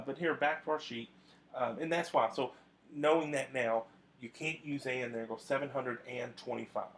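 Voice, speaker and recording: A man's voice: medium pitch, gravelly, fairly bright tone. A man teaching a video math lesson to his students, talking conversationally with frequent fillers and restarts.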